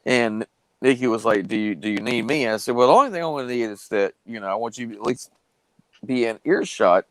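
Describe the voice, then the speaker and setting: A man's voice: mid-range voice, brisk, a bit bright, no echo, poor audio. A man, telling a long story casually on a live stream with plenty of fillers and restarts. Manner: drawling, rambling with many fillers and restarts.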